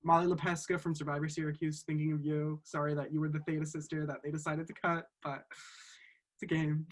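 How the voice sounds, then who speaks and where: A man's voice: fairly high pitch, little pitch movement, fairly quick. A man hosting a casual podcast over a remote call, talking eagerly like a fan. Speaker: podcast host. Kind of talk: casual chat.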